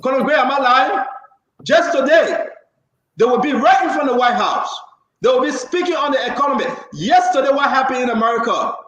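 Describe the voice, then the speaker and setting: Fiery man, high lively voice. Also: brisk, reverberant. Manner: impassioned, talks over others, repeats for emphasis. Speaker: talk show host. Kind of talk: heated political call-in talk.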